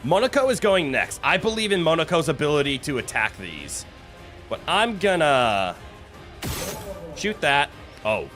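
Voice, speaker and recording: A man's voice: on the high side, very animated, unhurried, long pauses, a bit bright, soft background music. A man streaming a video game, chatting casually, reading game text aloud and reacting with playful exclamations. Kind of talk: casual gameplay commentary.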